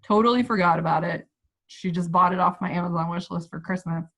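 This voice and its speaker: A woman's voice: on the low side, fairly quick, a bit bright, soft background music. A woman guest on a casual book chat, talking in a rambling, heartfelt way with many restarts. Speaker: podcast guest.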